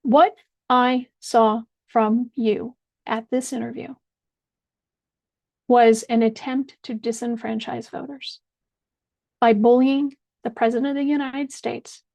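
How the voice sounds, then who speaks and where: Angry, high-voiced woman ranting. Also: steady tone, takes it slowly, creaky, long pauses, darkish tone, no echo. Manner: angry, blunt and profane. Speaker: political commentator. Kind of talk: direct-address video rant.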